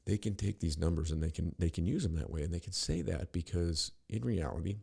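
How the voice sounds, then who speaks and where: A man's voice: low-pitched, lively intonation, fairly quick, creaky, darkish tone, slightly rough. A middle-aged man hosting a podcast, ranting in a rambling, profane, sarcastic monologue full of restarts. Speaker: podcast host.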